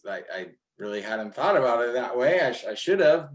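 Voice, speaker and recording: A man's voice: mid-range voice, moderate pace, few pauses, low-quality recording. Rambling man in a casual panel talk. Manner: rambling, with many restarts and fillers. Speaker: environmental activist.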